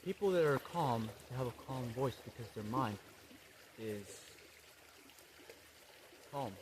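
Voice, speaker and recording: A man in a parody spiritual vlog monologue, talking in laid-back bro slang with swearing and a slow, dreamy delivery. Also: mid-range voice, lively intonation. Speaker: comedy creator. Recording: running water noise behind. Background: trickling, pouring water.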